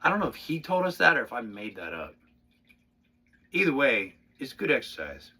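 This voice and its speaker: A man giving a casual drumming lesson, talking through a soft-playing exercise with sudden loud, excited bursts between quieter asides. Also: medium pitch, normal speed, heavy background noise. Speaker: drum instructor.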